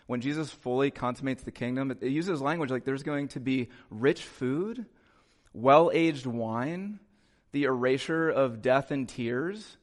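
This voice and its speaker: A male pastor preaching a sermon in a conversational way, with quick asides to the congregation in a church. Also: mid-range voice. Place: church sanctuary.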